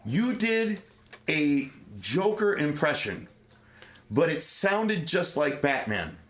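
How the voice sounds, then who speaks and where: A man co-hosting a podcast in casual banter, rambling with restarts and breaking into loud laughs. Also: on the high side, big pitch swings, takes it slowly. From Italian-American. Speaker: podcast co-host.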